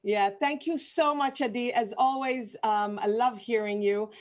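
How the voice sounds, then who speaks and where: A woman's voice: fairly high pitch, unhurried, muffled recording. A woman moderating an online panel, asking questions in a friendly, encouraging way. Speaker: interviewer, session moderator.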